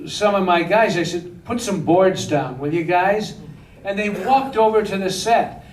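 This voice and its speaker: A man telling anecdotes as a director guest at a theater Q&A, animated and laughing often. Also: a little high. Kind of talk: storytelling at a Q&A. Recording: echoey hall from far off, faint noise.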